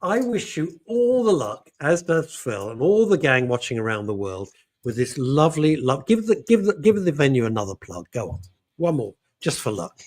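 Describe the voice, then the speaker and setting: A man hosting a chat show, telling anecdotes in an animated way and laughing as he goes. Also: mid-range voice, moderate pace. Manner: animated storyteller, laughs often. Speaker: host. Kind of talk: casual chat.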